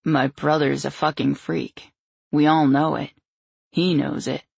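A blunt, scornful grown man sneering about his own brother, read by a woman in an audiobook. The voice is raspy with a gravelly edge, recorded close and dry. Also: medium pitch, flat delivery, unhurried, dry recording, full character voice.

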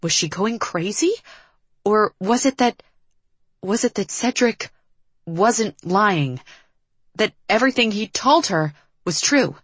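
A woman narrating an audiobook in a measured, dramatic reading. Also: medium pitch, lively intonation, breathy edge, no echo, low-quality recording. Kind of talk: scripted narration.

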